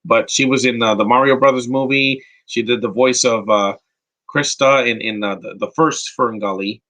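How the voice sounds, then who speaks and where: A man's voice: mid-range voice, fairly even intonation, normal speed, bright, forceful tone, rough recording. A man from New York hosting a live movie commentary podcast, giving rambling, opinionated takes and answering chat questions. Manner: opinionated and rambling, with frequent restarts. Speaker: podcast host.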